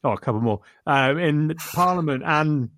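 A man's voice: a little high, animated, normal speed, a bit bright. A man discussing a film with enthusiasm, retelling funny scenes and chuckling as he goes. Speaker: film reviewer.

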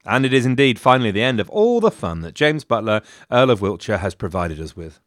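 A man delivers scripted history narration, full of dry wit and sarcastic asides. His intonation is lively and animated, and the recording is dry and close-miked. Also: on the low side, a little fast, no echo. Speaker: history podcast host.

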